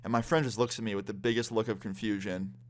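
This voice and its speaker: A man's voice: lowish voice, steady tone, quick pace. A young man telling a casual storytime vlog, swearing freely as he goes. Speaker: vlogger.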